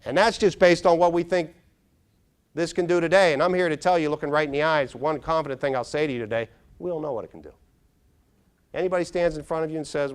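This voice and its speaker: A middle-aged man, a neuropsychologist, giving an animated conference keynote, quizzing the audience and acting out little scenes. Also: medium pitch, smooth. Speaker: neuropsychologist speaker. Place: large conference hall.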